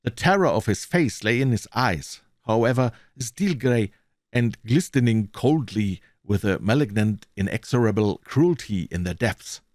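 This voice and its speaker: German man narrating, lively expressive delivery. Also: fairly low pitch, measured pace, dry recording, studio quality. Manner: expressive first-person narration with small slips. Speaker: audiobook reader. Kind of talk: reading a classic detective story aloud.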